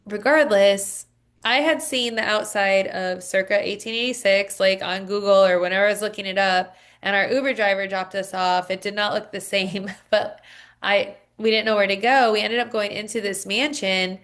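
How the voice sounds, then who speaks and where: A woman's voice: medium pitch, steady tone, moderate pace, a bit bright. A woman co-hosting a podcast, telling stories in a casual chat full of fillers like "like" and "um". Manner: chatty storytelling with many fillers. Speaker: podcast co-host.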